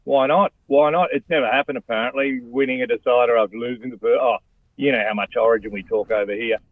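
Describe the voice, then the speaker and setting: A man's voice: medium pitch, quick pace, no echo. A middle-aged Australian man, a former rugby player and radio host, chatting as a guest with blokey energy and plenty of "mate". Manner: blokey, animated, says "mate" a lot. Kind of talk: casual chat over a phone line. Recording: tinny phone line.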